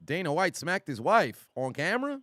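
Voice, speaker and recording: A man streaming live and reading out chat messages, talking in an animated, excitable way and swearing freely. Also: a little high, normal speed, no echo, clean studio sound.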